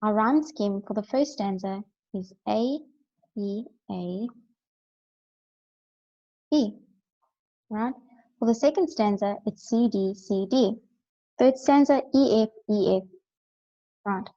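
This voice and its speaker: A woman's voice: mid-range voice, slow pace, pauses often, warm tone, lo-fi sound. A woman teaching a recorded lesson, explaining step by step and often checking in with "right?".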